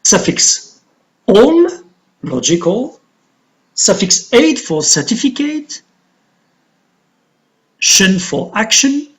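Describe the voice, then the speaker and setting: A man with a high, animated voice walks a class through word stress. He talks at an unhurried pace and counts syllables out loud, one by one. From Algeria. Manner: slow, deliberate explanation, counting syllables aloud. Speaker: English teacher.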